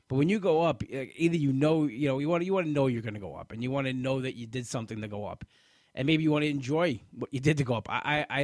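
A man's voice: mid-range voice, dry recording, clean studio sound. A man, a comedian, talking casually about his weight loss in a frustrated, rambling way with many restarts. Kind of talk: casual monologue.

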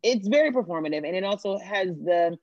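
A woman's voice: medium pitch, expressive, a little fast, a little mellow, no room sound, lo-fi sound. A woman hosting a podcast, talking earnestly in long winding sentences in casual pop culture chat. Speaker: podcast host.

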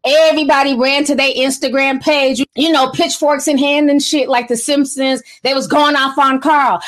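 Sassy high-voiced woman gossip host. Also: steady tone, moderate pace, few pauses. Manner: sassy, slangy, often laughing. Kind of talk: casual livestream commentary.

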